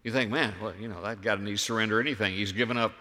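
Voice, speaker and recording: A man preaching a sermon as a pastor, emphatic, firing rhetorical questions and swinging from hushed to loud. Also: on the low side, fairly even intonation, very fast, long reverb tail. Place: church sanctuary.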